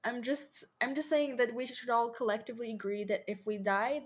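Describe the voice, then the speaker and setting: Woman player, chatty and jokey, mid pitch. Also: a little fast. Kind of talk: casual tabletop play.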